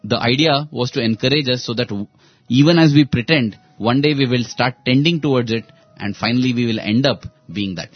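A man's voice: mid-range voice, brisk, no room sound, dull audio, faint music behind. Earnest man telling parables. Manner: earnest, retells parables with quoted dialogue. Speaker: speaker on a spiritual talk show. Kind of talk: storytelling spiritual talk.

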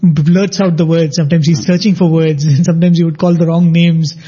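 A man with a high, mellow voice tells anecdotes in an unhurried, conversational manner. His voice is slightly husky, and the audio is dull and lo-fi. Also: fairly even intonation. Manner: anecdotal, measured, laughs while telling. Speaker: storyteller in a devotional talk. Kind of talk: conversational storytelling.

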